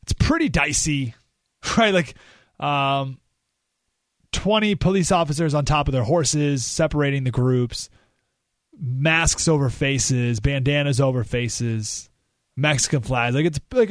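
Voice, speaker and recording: A male radio talk show host tells a story with a lively delivery and a slightly high voice. He rises sharply in pitch whenever he acts out quotes. His studio mic sounds close and dry, with no room echo. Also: unhurried.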